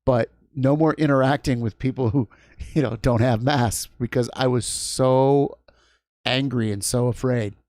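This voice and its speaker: A man in casual chat on his own livestream, drifting through a story with asides and restarts. His pitch sits in an ordinary middle range, and the sound is dry and close, with no room echo. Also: fairly even intonation, unhurried, darkish tone. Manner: rambling, frequent restarts and asides. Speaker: livestream host.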